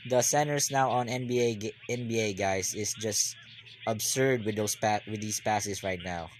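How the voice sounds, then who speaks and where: A man giving live basketball reaction commentary, rambling and repeating himself, then bursting into excited yells. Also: lowish voice, moderate pace, slight background noise.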